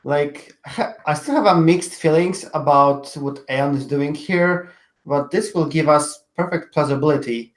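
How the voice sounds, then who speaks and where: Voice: mid-range voice, a little slow. A tabletop game player rambles through their character's actions, peppered with likes. Their voice sits in the middle range and rings with a roomy echo. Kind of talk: tabletop role-play.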